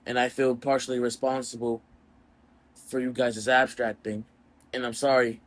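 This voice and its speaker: Man voicing a regretful cartoon jester, remorseful, pleading, average pitch. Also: level tone, normal speed, natural voice. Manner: apologetic, pleading. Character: remorseful male cartoon jester, tearful and bitter.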